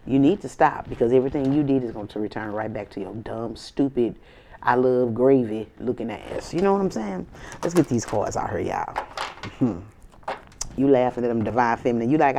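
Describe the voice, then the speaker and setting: A woman's voice: very deep voice, lively intonation, fairly quick, vocal fry, background noise. A woman tarot reader in a casual spiritual reading to camera, talking in an emphatic, slangy, preachy way with sassy asides.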